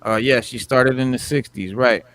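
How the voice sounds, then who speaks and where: A man's voice: medium pitch, normal speed, a bit bright, a little hiss or hum. A man hosting a podcast in casual chat, rambling along with lots of "like" and "you know.". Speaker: podcast host.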